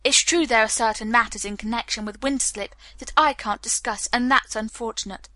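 A calm but stubborn Englishman who keeps his answers short and guarded, as a woman reads him. The voice is bright and a bit high, close to the mic in a dry space. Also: brisk, no echo. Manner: clipped, guarded refusals.

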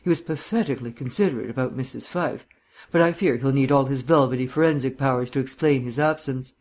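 A man voicing a suave, bantering gentleman sleuth with bland, mannered phrasing in an audiobook reading. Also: medium pitch, quick pace, lightly acted.

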